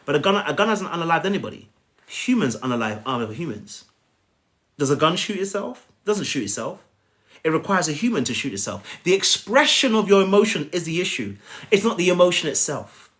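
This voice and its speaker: A man's voice: fairly high pitch, a bit bright. A man coaching viewers on a live stream, emphatic, often checking in with "okay?" and addressing them by name. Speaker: life coach. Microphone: phone on a live stream.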